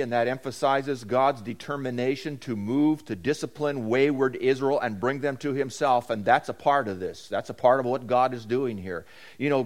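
Emphatic male preacher. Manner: emphatic preaching, swinging between loud declarations and low asides; repeats key phrases for emphasis. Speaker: pastor. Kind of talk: sermon.

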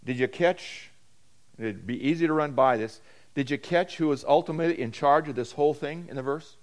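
A man preaching a sermon, swinging between loud emphatic declarations and quieter asides, often repeating key phrases. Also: fairly high pitch, brisk. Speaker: pastor.

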